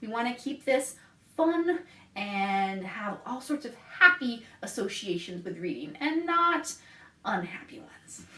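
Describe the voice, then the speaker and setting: A woman leading a children's storytime, reading aloud, singing and laughing often in a bright, sing-song way. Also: fairly high pitch, very animated, slow. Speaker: children's librarian. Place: library room. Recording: echoey room, somewhat far from the mic.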